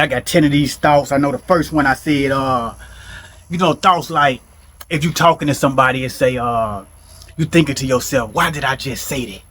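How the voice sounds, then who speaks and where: A man's voice: mid-range voice, a bit bright, breathy edge. A man hosting a mindfulness podcast, giving a loose, conversational motivational talk, blunt and salted with profanity, often checking in with the listener. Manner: loose and conversational, keeps asking "you know what I'm saying?".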